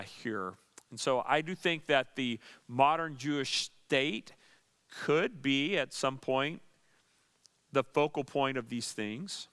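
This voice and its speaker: A man's voice: mid-range voice, bright, forceful tone, smooth. A man, a pastor, teaching a Bible study in an earnest, conversational way with dry sarcastic asides.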